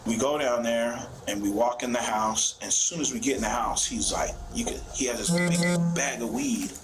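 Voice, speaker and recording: A man's voice: medium pitch, normal speed, noisy background. A man, a father, telling detectives an emotional story in casual, slangy speech. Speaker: father of a suspect. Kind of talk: police interview.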